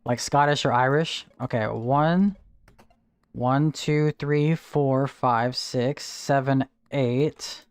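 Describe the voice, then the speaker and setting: A man's voice: mid-range voice, slow pace, clear, resonant tone, no echo. A man streaming a game live, chatting casually, answering chat and counting out spins, with no regional accent. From Texas. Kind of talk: casual live gameplay commentary.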